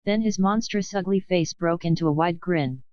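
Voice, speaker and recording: A woman narrates a children's audiobook in a steady, even reading. Her voice is low and smooth. The recording is dry and a little muffled. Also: normal speed, no echo. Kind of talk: scripted narration. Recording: dull dry studio recording.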